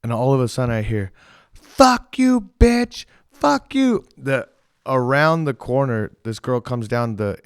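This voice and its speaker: A young man hosting a podcast, telling a story in a rambling, profane, animated way and quoting the people in it. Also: mid-range voice, smooth, dry recording, studio quality. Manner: rambling, profane, animated retelling with quoted voices. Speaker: podcast host. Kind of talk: casual storytelling.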